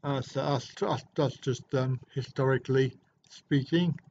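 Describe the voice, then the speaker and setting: Slow-talking man on a livestream. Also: mid-range voice, steady tone, a little mellow, a little hiss or hum. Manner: rambling, jokey, answers viewer comments. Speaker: livestream host. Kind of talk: casual livestream chat. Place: hotel room. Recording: dull lo-fi livestream audio.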